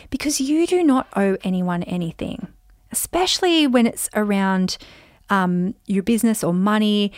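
A woman in her forties talks casually on her solo podcast, chatty and full of quick asides. She acts out quoted remarks with sudden leaps in pitch. Her voice sits at a middling height and sounds close and dry, with no room around it. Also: lively intonation, no room sound. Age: 40s. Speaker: podcast host.

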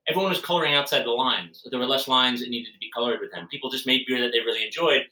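Bright-voiced man in a roomy space. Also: medium pitch, very fast. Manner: relaxed, rambling, many fillers and restarts. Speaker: brewer. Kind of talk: casual podcast chat. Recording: roomy, distant from the mic.

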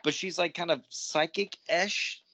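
A man's voice: fairly high pitch, fairly even intonation, unhurried, bright, forceful tone, no echo. A man in casual movie review chat, blunt and crude, joking as he talks.

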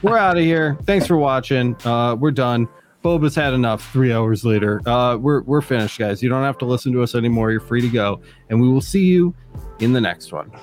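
A male podcast host talking in a loose, rambling way, with lots of jokes and restarts. His pitch sits in an ordinary middle range, and faint music plays behind him. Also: fairly quick. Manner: rambling, joking, many restarts. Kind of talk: casual podcast chat.

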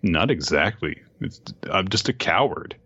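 A man voicing an anxious, self-doubting teenage boy athlete in halting, flustered self-talk. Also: low voice, lively intonation, bright, forceful tone, breathy edge, dry recording, exaggerated voice. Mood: self-critical. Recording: dull lo-fi sound.

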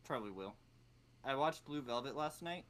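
A man's voice: medium pitch, animated, moderate pace, a bit bright. A man talking on a video call with bad internet, hesitant and stammering. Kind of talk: casual chat. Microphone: video call from a house with bad internet.

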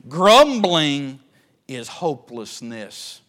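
A man preaching a sermon as pastor, swinging between loud emphatic lines and hushed ones. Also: on the high side, big pitch swings, extremely slow.

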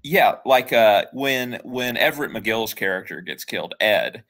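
A man hosting a casual film podcast, talking in a relaxed, chatty way with many fillers. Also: mid-range voice, a little slow. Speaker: podcast host.

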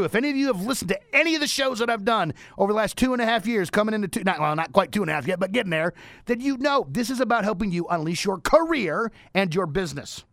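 An energetic male radio host with a fairly high voice delivers a motivational, preachy sign-off. His voice is recorded dry and close, with no room sound. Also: a little fast, no room sound. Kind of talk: upbeat radio show wrap-up and promotion.

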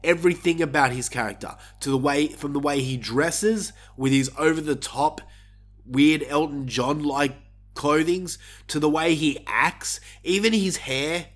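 A man's voice: on the high side, unhurried, a bit bright. A man hosting his own wrestling show, giving casual predictions in an opinionated, worked-up rant while sick with a cough. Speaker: wrestling podcast host.

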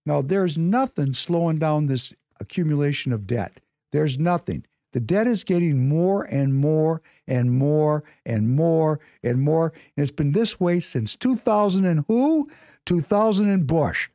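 A man's voice: fairly high pitch, expressive, measured pace, mellow, dry recording, studio quality. A man hosting a podcast, delivering an impassioned monologue, emphatic and preachy, repeating phrases for effect. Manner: preachy, exhorting listeners. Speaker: podcast host.

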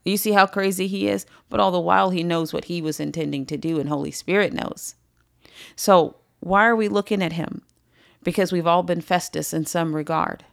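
Woman, Bible study teacher, earnest, conversational, gravelly, dry close sound. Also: on the low side, steady tone, moderate pace, dry recording. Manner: earnest, conversational, with frequent "right?" asides.

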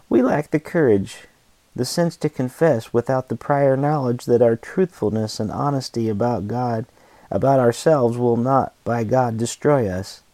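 A podcast host reading a devotional book excerpt aloud, in a measured, emphatic manner with deliberate pauses. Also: male voice, medium pitch, vocal fry, warm tone, no room sound.

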